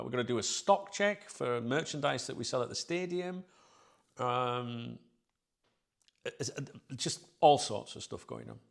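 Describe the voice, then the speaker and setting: A man with a gravelly, fry-edged voice talks casually to his viewers as the channel's host. He rambles, filling gaps with ums and starting sentences over, and his pitch sits in an ordinary middle range. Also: a bit bright. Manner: rambling, many fillers and restarts.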